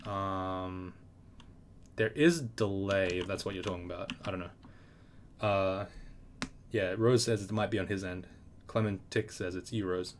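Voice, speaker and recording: A man's voice: deep voice, fairly even intonation, a little slow, long pauses, slight background noise. A young man casually commenting on a live game stream, swearing and joking in mock trash talk at the game. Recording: loud keyboard clicks and typing.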